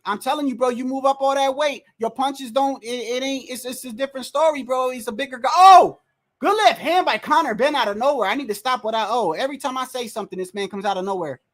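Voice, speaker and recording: A livestream host giving casual, excitable fight commentary from home, full of slang, cursing and restarts. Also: high-pitched, quick pace. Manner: excitable, loud outbursts, frequent slang and cursing; rambling restarts and repeated words. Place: indoors at home, wind and street heard outside.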